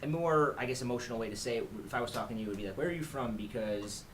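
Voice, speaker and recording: Quick-talking rambling man host. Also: medium pitch, a little hiss or hum. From New Jersey. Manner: quick, rambling, many restarts. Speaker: dating coach host. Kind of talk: casual advice chat.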